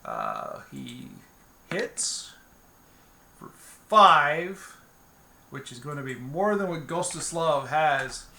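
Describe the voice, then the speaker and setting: A man narrates a solo tabletop adventure in a slow, rambling way, circling back as he goes. His voice is bright and a little high. The room gives it a noticeable echo. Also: wildly swooping pitch, gravelly, a little hiss or hum. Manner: loose and rambling, with many restarts and fillers. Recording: roomy echo.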